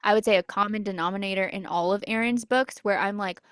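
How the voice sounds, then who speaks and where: A woman's voice: mid-range voice, fast, a bit bright, clean tone, dry recording, studio quality. Enthusiastic young woman podcast co-host. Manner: enthusiastic, chatty. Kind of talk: casual book chat.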